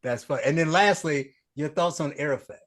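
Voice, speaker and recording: Joking podcast host, slightly high voice. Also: male voice. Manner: animated, joking, quick to laugh. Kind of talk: casual interview conversation.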